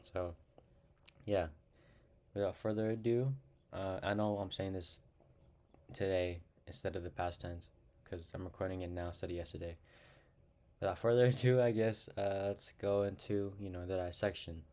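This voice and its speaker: Low-voiced young man, hesitant rambling talk. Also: flat delivery, moderate pace, mellow. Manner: hesitant, rambling, many fillers and restarts; self-conscious and awkward on camera. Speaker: rapper dissecting his own lyrics. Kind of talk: casual self-recorded talk to camera.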